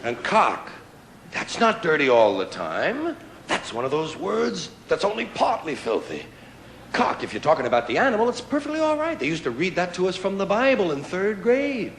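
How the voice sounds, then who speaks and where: A man performing a stand-up comedy routine, riffing and mock-indignant, with sudden loud outbursts, recorded live on stage. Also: high-pitched, wildly swooping pitch, moderate pace, a little hiss or hum. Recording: old live recording, roomy hall with audience laughter. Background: audience laughter.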